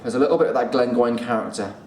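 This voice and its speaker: A man giving a casual spoken review, chatty, pausing and repeating words as he thinks. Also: medium pitch, a little mellow. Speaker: whisky reviewer. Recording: roomy echo, distant mic, faint room noise.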